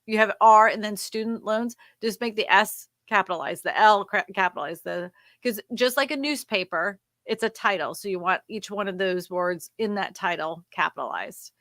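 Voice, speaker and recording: A woman talks through feedback in a casual livestream, with a bright, forceful tone. Her delivery is direct and coaching, with quick asides. The sound is dry and close, with little room echo. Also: mid-range voice. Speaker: co-host giving thumbnail feedback.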